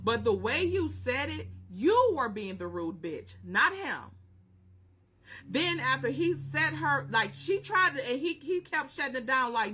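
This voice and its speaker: Animated, high-voiced woman reality-TV commentator. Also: a little slow, slight background noise. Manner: profane, animated retelling. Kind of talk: casual reaction commentary.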